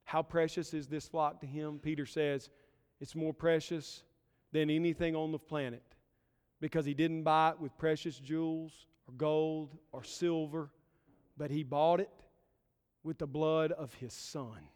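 A man's voice: fairly high pitch, steady tone, unhurried, a little mellow, smooth. A man preaching a sermon as pastor, earnest and building his points in short emphatic phrases. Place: church sanctuary. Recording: long reverb of a church hall.

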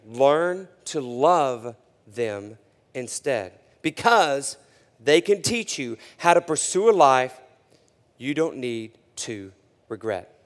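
Higher-voiced pastor preaching in a reverberant hall. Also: male voice. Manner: conversational, with frequent fillers and self-corrections. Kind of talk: sermon.

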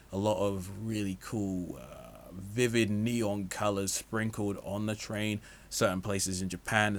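A man with a somewhat low voice talks through a film review in a relaxed, chatty way. He is opinionated and easygoing, and he leans on casual fillers as he goes. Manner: chatty and opinionated, with frequent "like, you know" fillers. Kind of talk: casual movie review monologue.

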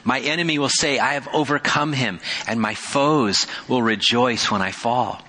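A man in his thirties preaching a sermon as pastor, earnest, rising to pleading cries and dropping to quiet asides. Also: medium pitch, moderate pace, big-room sound. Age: 30s.

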